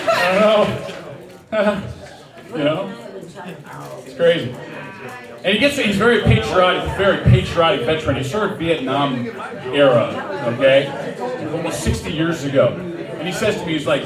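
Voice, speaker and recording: A middle-aged man doing stand-up with a fairly high, lively voice, rambling and self-deprecating, tripping over restarts. He sounds roomy and a bit off the mic, with a crowd laughing in the bar. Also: unhurried, recorded from a distance. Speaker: stand-up comedian. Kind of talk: stand-up set. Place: small dive bar stage.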